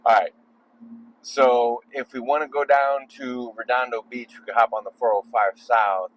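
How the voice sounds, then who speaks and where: A man with a voice of ordinary pitch chats casually from behind the wheel on a night drive. He rambles and jokes to the camera. A faint hum of the road sits behind him. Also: fairly even intonation, unhurried, pauses often, low-quality recording. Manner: rambling, joking asides. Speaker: vlogger. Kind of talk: casual chat while driving. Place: car on a freeway at night.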